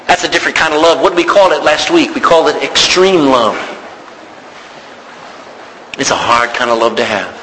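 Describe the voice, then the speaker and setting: Preacher guy, high bright voice, really lively, echoey church. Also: normal speed, long pauses. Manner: emphatic, call-and-response. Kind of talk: sermon. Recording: long hall reverb, faint noise.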